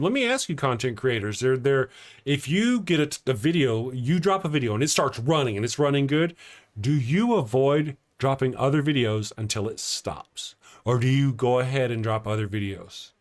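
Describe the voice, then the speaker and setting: A middle-aged man hosting a casual morning livestream, rambling and chatty as he reads viewer comments aloud. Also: medium pitch. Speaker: morning show livestream host.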